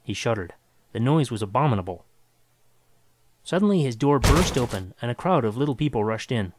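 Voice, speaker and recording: A man reading a science fiction story aloud with dramatic, expressive narration. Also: mid-range voice, fairly quick, over music.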